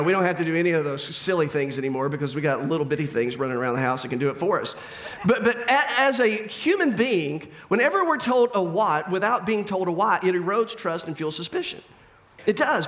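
A man's voice: on the high side, a bit bright. A middle-aged man preaching a sermon in a conversational, humorous way. He acts out back-and-forth dialogue as he talks. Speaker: pastor.

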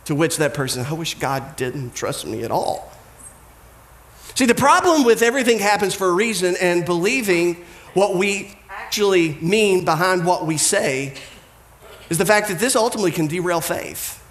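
Recorded in an echoey room, a pastor preaches conversationally and at ease, his male voice sitting fairly high. His tone is humorous and direct, and he mimics the people in his stories with quick impressions.

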